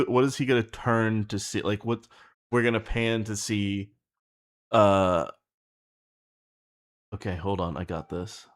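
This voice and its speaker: A man casually thinking out loud while planning a scene, rambling and halting, with frequent swearing. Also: on the low side, fairly even intonation. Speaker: streamer writing an animation script.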